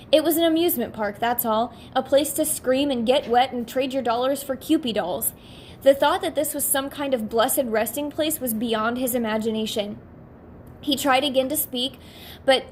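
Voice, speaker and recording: A woman narrating an audiobook in a steady, clear storytelling voice. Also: fairly high pitch, slight background noise. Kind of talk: audiobook reading.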